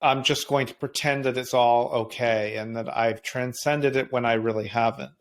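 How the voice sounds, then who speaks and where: A yoga teacher with a mid-range male voice talks thoughtfully about healing and growth. He speaks in a measured way and laughs softly now and then. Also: medium pitch, steady tone. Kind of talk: reflective spiritual conversation.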